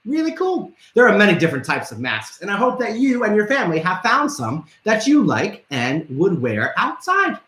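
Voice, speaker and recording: A man's voice: sits high, wildly swooping pitch, moderate pace, few pauses, fairly bright tone, roomy sound. A man hosting a live trivia show for children, playful and theatrical, calling out to his viewers. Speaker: kids' trivia show host.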